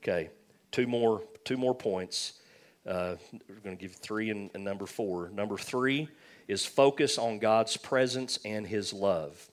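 Preacher guy, lowish voice, chatty sermon w/ jokes and lots of restarts. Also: unhurried. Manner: conversational and joking, with frequent restarts. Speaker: pastor.

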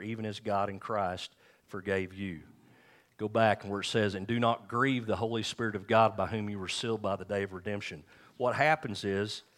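Lower-voiced man preaching a sermon. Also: fairly bright tone. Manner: conversational, candid, self-deprecating preaching; slows down to read scripture aloud. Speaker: pastor. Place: church.

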